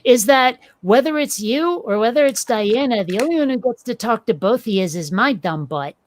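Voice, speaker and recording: A woman's voice: a little high, animated, normal speed, slight background noise. A woman in her forties hosting a casual chat, blunt and curious, asking pointed questions. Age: 40s.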